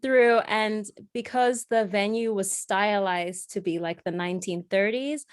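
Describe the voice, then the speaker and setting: A young woman's voice with an accent that drifts between British and American, recorded close and dry with no room around it. She is a podcast guest who tells her stories with energy and laughs easily. Her pitch sits in the middle range for a woman. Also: unhurried, smooth, no echo. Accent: mixed British and American. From Zimbabwe, raised in London and Beijing. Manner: lively storyteller, laughs easily, acts out quoted voices. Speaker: guest actor. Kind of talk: casual podcast interview.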